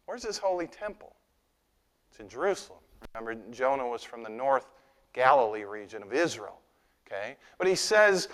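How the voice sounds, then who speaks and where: A man's voice: on the high side, expressive, normal speed, long reverb tail. A male preacher delivering a sermon, earnest and emphatic, often repeating words as he presses a point.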